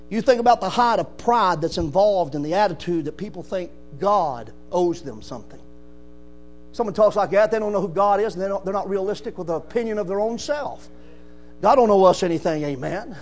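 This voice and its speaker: Preacher guy, really high voice, loud emphatic sermon, mains hum in the back. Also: expressive, fairly quick, faint music behind. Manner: emphatic preaching with rising shouts and "amen" calls.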